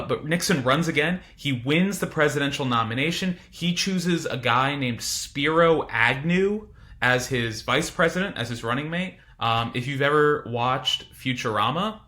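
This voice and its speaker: A man's voice: on the high side, pushed and bright. A man teaching a casual recorded history lecture, informal and chatty with frequent asides.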